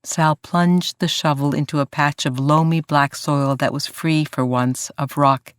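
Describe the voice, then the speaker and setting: An audiobook narrator reading a historical story in an even, measured way. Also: mid-range voice, smooth, no room sound, studio quality. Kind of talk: scripted narration.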